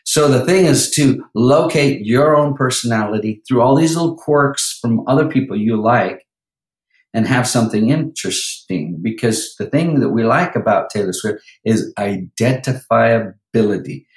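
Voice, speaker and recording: A man's voice: medium pitch, lively intonation, normal speed, echoey room, rough recording. A man who works as a vocal coach, talking animatedly in a podcast interview and breaking into sung lines now and then.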